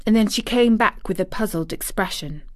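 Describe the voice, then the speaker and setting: A woman reading a classic novel aloud as scripted narration, in a measured, even way. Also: mid-range voice, no room sound, clean studio sound. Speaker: audiobook reader.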